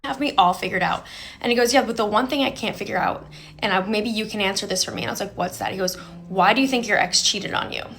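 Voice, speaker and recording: A woman's voice: medium pitch, fast, a bit bright. A young woman from New Jersey tells the story of a bad date indignantly, quoting herself and him. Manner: indignant, quotes both sides with "I was like". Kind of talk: casual storytelling video.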